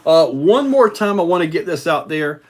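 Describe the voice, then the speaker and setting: Male livestream host, pitched a bit high, easygoing and rambling, talks through viewer comments. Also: normal speed. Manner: rambling, relaxed, many fillers. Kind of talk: casual livestream chat reading viewer comments.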